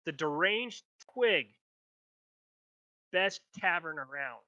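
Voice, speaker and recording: A man voicing a gruff, bossy old male gate guard who barks orders. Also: a little high, expressive, slow pace, bright, forceful tone, no echo, muffled recording, heavily acted. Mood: confiding.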